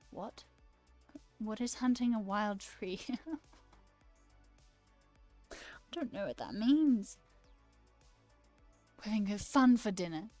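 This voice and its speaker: A woman's voice: mid-range voice, slow, pauses often, a little mellow, faint music behind. A woman streamer in a casual, rambling live-stream chat, talking playfully with her viewers and answering their comments.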